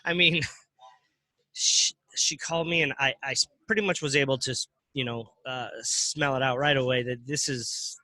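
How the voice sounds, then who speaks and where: A man's voice: mid-range voice, steady tone, moderate pace, sharp tone, no room sound. A man who runs a crypto ATM business, being interviewed in casual talk, often restarting and repeating words as he explains.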